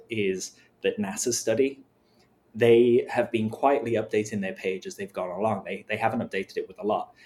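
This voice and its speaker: Male panelist, lowish voice, animated storyteller who acts out quotes. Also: a little hiss or hum. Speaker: podcast panelist. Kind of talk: casual panel discussion.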